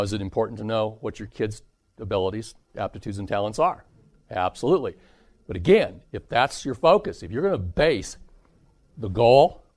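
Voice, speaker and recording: A man teaching a parenting seminar to a live audience, keeping it lively by asking the listeners questions. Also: medium pitch. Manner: animated, asks the audience questions.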